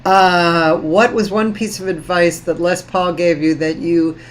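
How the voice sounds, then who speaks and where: A woman's voice: lowish voice, steady tone, measured pace, slight background noise, poor audio. A woman hosting a casual video-call interview, reading out a listener's question. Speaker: host.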